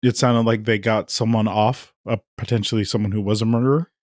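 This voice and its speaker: A man co-hosting a movie podcast in casual chat, animated and joking. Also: lowish voice, fairly quick, no echo, clean studio sound. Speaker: podcast co-host.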